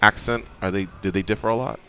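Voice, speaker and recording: A man's voice: fairly low pitch, steady tone, fast talker, bright, forceful tone, clean tone. A man hosting a radio talk show, chatty and jokey, swearing casually as he talks with his guests. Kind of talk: casual chat. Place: radio studio.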